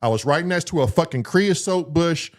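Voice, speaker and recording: A man's voice: on the high side, normal speed. A man telling a long story in casual chat as a podcast co-host, swearing freely and acting out his own reactions. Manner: profane, animated storytelling with acted quotes.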